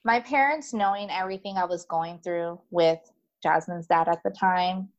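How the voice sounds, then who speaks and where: A woman telling her own story in casual conversation as a guest, chatty and animated, with many fillers, voicing the people in it. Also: lowish voice, normal speed, lo-fi sound.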